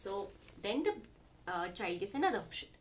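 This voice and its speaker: A woman's voice: medium pitch, big pitch swings, moderate pace, slight background noise. A young woman with an Indian English accent, chatting casually as she reviews children's books, with many fillers and restarts. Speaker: parenting vlogger.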